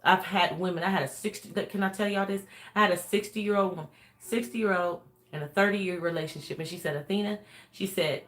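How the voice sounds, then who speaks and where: A woman's voice: on the low side, steady tone, fairly quick. A woman life coach giving an emphatic motivational talk. She repeats her points over and over and laughs often.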